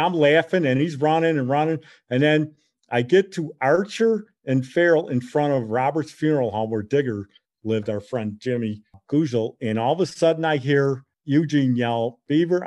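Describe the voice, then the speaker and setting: A middle-aged man telling a childhood story in a casual, animated way, acting out the voices he quotes. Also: on the high side, no room sound, clean studio sound.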